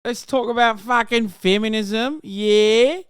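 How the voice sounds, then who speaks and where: Man doing a crude Aussie bloke, profane, exaggerated, slightly high voice, dry sound. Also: takes it slowly, fairly bright tone, smooth, dry recording. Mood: rowdy. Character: crude swearing Australian bloke, adult man.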